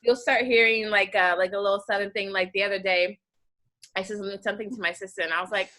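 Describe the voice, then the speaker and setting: A young American woman hosts a casual podcast interview. Her voice is bright and ringing. She tells stories in a chatty, meandering way, full of fillers. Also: mid-range voice, fast. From United States. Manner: chatty, animated storytelling with many fillers. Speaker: podcast host.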